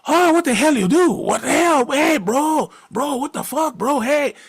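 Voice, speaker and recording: A man voicing an angry truck rental clerk who yells and scolds in a high, strained voice. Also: expressive, a little slow. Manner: shouting, high-pitched, scolding.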